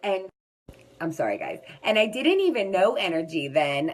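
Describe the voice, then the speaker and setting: A woman's voice: mid-range voice, very animated, brisk, a little hiss or hum, rough recording. Candid woman telling her story. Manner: candid, rambling, talks straight to viewers as "guys". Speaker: vlogger. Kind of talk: personal storytelling to viewers.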